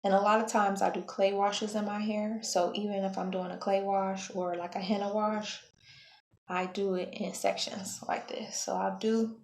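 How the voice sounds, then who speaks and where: A woman hair vlogger talking through her wash-day routine in a relaxed, chatty way, often correcting herself mid-sentence. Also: mid-range voice. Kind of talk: casual how-to vlog. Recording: echoey room, faint background hum.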